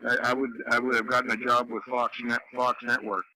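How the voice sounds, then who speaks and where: A man in a chatty, storytelling mood on a radio net. His voice is bright and sharp, with faint hiss under it on the radio. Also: mid-range voice, completely flat delivery, a little fast, poor audio. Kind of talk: casual radio chat.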